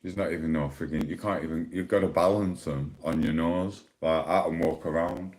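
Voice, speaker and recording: A man's voice: sits low, steady tone, normal speed, a little mellow. A man on a casual live stream at home, rambling and complaining in an exasperated way, talking into a phone.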